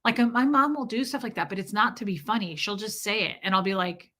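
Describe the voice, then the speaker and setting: A woman's voice: medium pitch, animated, quick pace, bright, forceful tone. A woman hosting a casual livestream, rambling through a story and greeting viewers by name mid-sentence. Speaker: livestream host.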